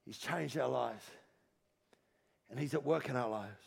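A male pastor preaching a sermon to a congregation, repeating phrases with emphasis, swinging from loud calls to low, quiet lines. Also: unhurried, vocal fry, husky. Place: church hall with congregation.

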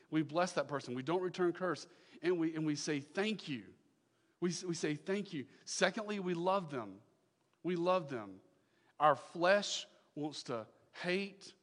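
A male pastor preaching a sermon, emphatic, repeating his phrases and swinging from loud declarations to hushed lines. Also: a little high, in a large hall.

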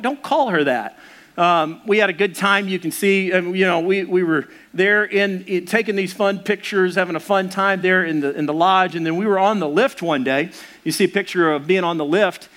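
A man's voice: sits high, fairly bright tone. A middle-aged man, a pastor preaching a sermon in a conversational way, mixing personal family stories into his preaching.

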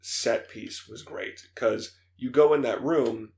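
A young man co-hosting a gaming podcast, chatting casually and excitedly with many fillers. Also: mid-range voice, slow, vocal fry. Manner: excited, fillers, laughs, imitates voices. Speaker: podcast co-host. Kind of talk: casual chat.

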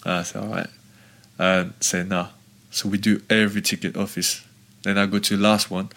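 A man's voice: deep voice, normal speed, creaky. A man, a former footballer, guest on a podcast, telling long rambling anecdotes with lots of fillers. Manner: rambling, filler-heavy, animated storytelling.

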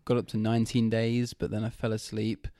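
A man's voice: on the low side, monotone, a little fast, mellow, no room sound, studio quality. A man in casual podcast chat, talking in a laid-back, wry way. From England.

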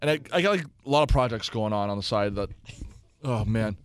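A man co-hosting a podcast, chatting quickly and agreeably. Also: lowish voice, expressive, dry recording. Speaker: podcast co-host. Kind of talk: casual chat.

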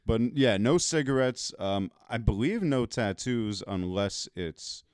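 A man talking as a podcast guest in a relaxed way, agreeing often and swearing casually. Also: mid-range voice, a little slow, clear, resonant tone, no echo, studio quality. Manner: relaxed, agreeable, many fillers, profane. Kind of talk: casual chat.

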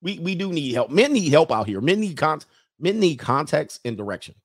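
A man's voice: fairly high pitch, very animated, fairly quick, breathy edge, dry recording, studio quality. A man, a coach hosting a podcast livestream, talking in a blunt, crude and preachy way while he reads chat comments.

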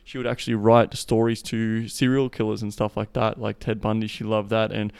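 A man's voice: lowish voice, monotone, brisk, vocal fry, darkish tone, smooth, dry recording. A man hosting a podcast, telling crude stories in a profane, rambling way while slightly out of breath from walking. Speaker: podcast host. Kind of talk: casual monologue.

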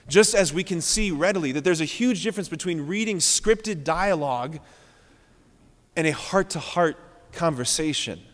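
With rising fervor, a high-pitched male voice preaches as a Catholic priest, hammering his sincere words home by repeating phrases. A large church's lingering reverb follows every line he speaks.

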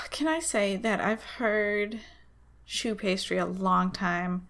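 A woman's voice: mid-range voice, slow pace, gravelly, fairly bright tone. Easygoing woman chatting. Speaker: podcast co-host. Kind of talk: casual chat.

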